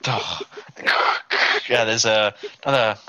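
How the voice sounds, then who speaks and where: A man's voice: lowish voice, fairly even intonation, slow pace, sharp tone, dry recording. A young man co-hosting a podcast in casual chat, laid-back and hesitant, with many ums. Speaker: podcast co-host. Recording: dry, slightly dull sound.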